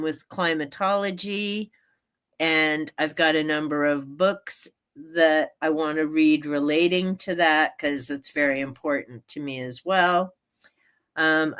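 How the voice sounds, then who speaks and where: A woman talks through her reading plans on a live stream in a loose, wandering way and laughs a lot. Her voice sits a little low. She takes her time over every phrase. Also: a bit bright. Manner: chatty and meandering, laughs often. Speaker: book channel host. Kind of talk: casual live-stream chat.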